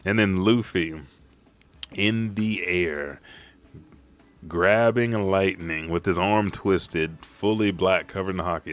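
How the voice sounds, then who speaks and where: Profane, excitable low-voiced man. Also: takes it slowly. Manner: profane, excitable play-by-play with sound effects. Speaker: host. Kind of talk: live manga read-aloud and reaction.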